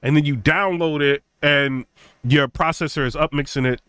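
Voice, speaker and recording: A young man hosting a home theater channel tells an animated story in casual talk, full of "you know" and "right?" and acting out other people's lines. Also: normal speed, clean tone, dry recording. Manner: conversational, many fillers like "you know" and "right?"; acts out quotes of others in a raised, mocking pitch. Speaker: tech channel host.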